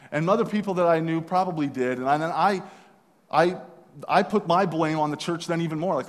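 A man's voice: fairly high pitch, in a large hall. Earnest man telling his faith story. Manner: earnest, halting storytelling with restarts. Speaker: speaker sharing his testimony. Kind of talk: personal testimony.

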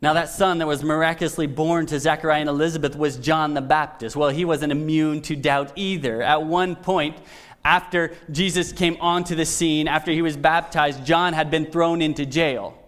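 Brief: a male pastor with a fairly high voice, preaching conversationally. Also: flat delivery, moderate pace, fairly bright tone. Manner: conversational, asks "right?" often. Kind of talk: sermon.

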